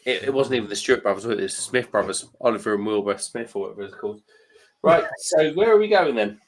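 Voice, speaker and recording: British man, wisecracking, lively pitch, casual chat. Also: fast, slight background noise. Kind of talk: casual banter over drinks.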